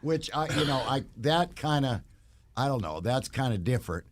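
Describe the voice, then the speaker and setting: A man's voice: mid-range voice, big pitch swings, normal speed, no echo. A man as a studio podcast guest, rambling through anecdotes with laughs. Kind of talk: casual storytelling chat.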